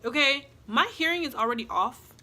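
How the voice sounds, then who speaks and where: A young woman vlogger tells a long story in a casual, animated way, acting out what other people said. Her voice sits high and she talks at normal speed.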